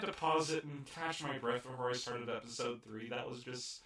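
A man's voice: mid-range voice, normal speed, few pauses, a bit bright. A young man casually and animatedly recapping an anime episode, laughing and telling it like a story. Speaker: podcast co-host. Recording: roomy echo, far from mic.

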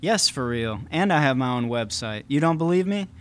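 Brief: man reading a brash thirty-something woman medium, confident pitch. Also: animated, normal speed, fairly bright tone, smooth, natural voice. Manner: confident, sales-pitch teasing.

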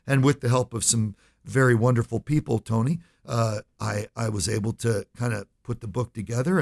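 Man, gravelly, husky, mid-pitched, animated storyteller, interview guest. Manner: animated storyteller, acts out quoted voices. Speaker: financial advisor guest.

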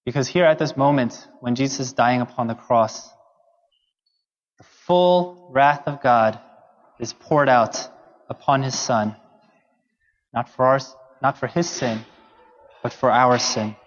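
A man's voice: medium pitch, a little slow, pauses often. A man preaching a sermon to his congregation, earnest and conversational, with occasional fillers. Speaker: pastor. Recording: dull sound in a long-echo hall.

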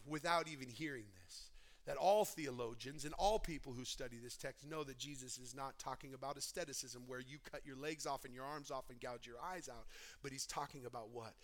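A male pastor preaches a sermon in a mid-range voice with a bright, forceful edge. He emphatically repeats phrases and asks rhetorical questions, driving each point home as he leads the church toward communion.

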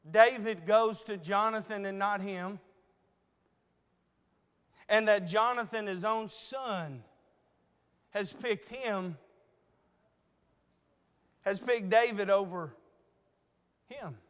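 A preacher with a high, smooth voice, talking through his sermon in a conversational way and asking his listeners rhetorical questions. His voice rings with the long reverb of a large sanctuary. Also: slow, long pauses, a bit bright.

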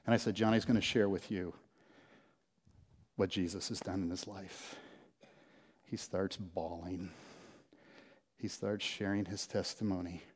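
A man's voice: measured pace, long pauses, husky. Male pastor telling a story in a reverberant hall. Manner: animated storyteller, swings from loud bursts to hushed low lines. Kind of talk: sermon storytelling.

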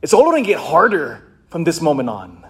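A priest delivering a homily with a husky, slightly raised voice. He preaches with passion, surging into loud, fired-up exhortation and then dropping to hushed, earnest tones. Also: on the high side, huge pitch swings, fast talker. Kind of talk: sermon.

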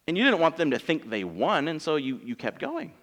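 A man's voice: on the high side, huge pitch swings, fairly quick, a bit bright. A man in his thirties, a pastor preaching a sermon in church in a conversational, joking way, asking his congregation rhetorical questions.

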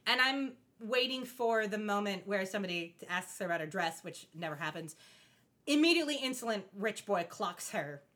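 Woman podcast co-host, casual recap chat, bright tense voice, animated and laughing. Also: mid-range voice, moderate pace. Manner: animated, laughing, expressive storyteller.

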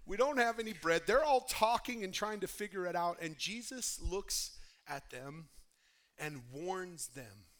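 A man preaching a sermon, impassioned, swinging between hushed talk and loud appeals to the congregation. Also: sits high, lively intonation, a little slow. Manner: addresses the congregation directly. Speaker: pastor.

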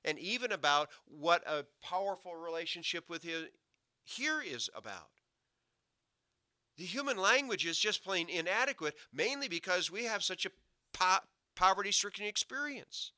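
Male pastor, very bright tone, slightly high; loud emphasis, then low asides. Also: animated, moderate pace, no room sound, clean studio sound. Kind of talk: sermon.

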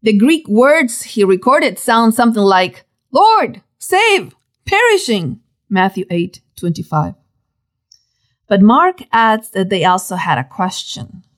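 A woman giving expressive Bible teaching, telling the story dramatically and stressing key words. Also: measured pace. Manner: dramatic, animated storytelling with sudden pitch swings.

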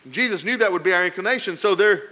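A pastor tells a story in his sermon, racing along and swinging lively between loud, emphatic passages and quiet, low asides.

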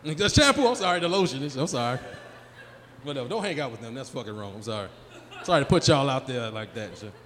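A forties-aged man performs loose, profane stand-up at a live comedy venue, handheld mic in hand, bouncing off the crowd. His medium-pitched voice is animated, fast and fairly bright. The recording carries live room reverb and faint crowd noise.

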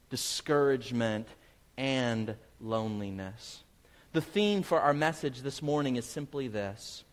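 A man's voice: medium pitch, big-room sound. A man preaching a sermon, telling a family story and building to emphatic, repeated phrases. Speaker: pastor.

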